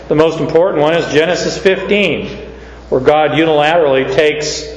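Male pastor, slow emphatic Bible teacher, slightly high voice, lo-fi echoey church hall recording. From Canada. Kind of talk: verse-by-verse Bible teaching sermon. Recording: echoey hall, dull lo-fi sound.

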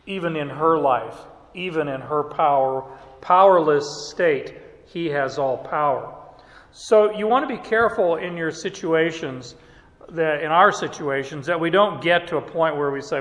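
A man teaching from the Bible in a relaxed, conversational way, often chuckling between points. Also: a little high, unhurried. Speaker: preacher. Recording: echoey hall reverb.

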